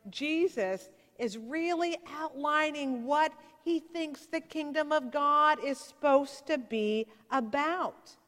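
A woman pastor delivers her sermon in a high voice at an unhurried pace. She moves between reading scripture and conversational, self-deprecating asides. The long reverb of the church hall trails behind every phrase. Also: a bit bright. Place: church sanctuary.

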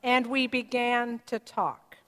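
High-voiced woman telling a sermon story. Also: fairly even intonation, fairly bright tone. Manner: measured, vivid retelling of a story. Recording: reverberant hall.

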